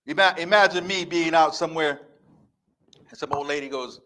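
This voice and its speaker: A man's voice: fairly high pitch, steady tone, a little fast, fairly bright tone. A man in his fifties giving a motivational speech as a life coach before a live audience, emphatic, repetitive and defiant. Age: 50s.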